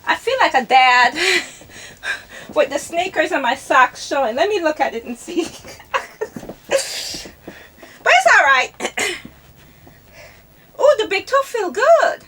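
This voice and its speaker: A woman's voice: high-pitched, expressive, takes it slowly, pauses often, bright, forceful tone, far from the mic. An older woman, chatting casually to camera as a travel vlogger, laughing often and talking to herself.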